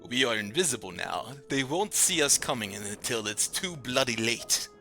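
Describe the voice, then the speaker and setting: A man's voice: medium pitch, animated, normal speed, creaky, pushed and bright, faint music behind. A man voicing a hissing, vengeful vampire pirate captain in a tabletop game. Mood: gloating. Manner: hissing, bellowing, boastful.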